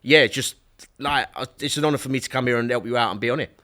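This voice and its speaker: Brief: middle-aged guy, relaxed rambling podcast guest, mid-pitched voice. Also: fast. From South London. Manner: easygoing, rambling with many fillers. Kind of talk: casual podcast chat.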